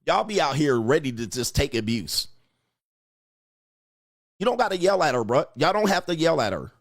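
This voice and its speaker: A man's voice: fairly high pitch, very animated, normal speed, dry recording, studio quality. A man giving blunt, crude relationship advice in a mocking, preachy rant, answering viewer comments. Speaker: dating advice host.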